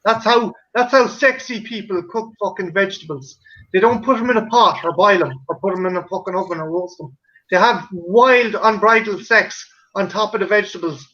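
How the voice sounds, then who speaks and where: An Irish man with a high, bright voice tears through a foul-mouthed, rambling comic rant. He is theatrical and keeps building on his own jokes. The audio is muffled and lo-fi. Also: brisk. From Ireland. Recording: dull lo-fi stream audio.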